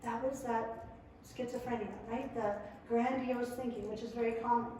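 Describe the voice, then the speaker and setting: A middle-aged woman presenting a family skills workshop, talking in a lively, conversational way to a live audience and acting out the quotes. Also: on the high side, normal speed, a little hiss or hum. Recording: echoey room, mic far off.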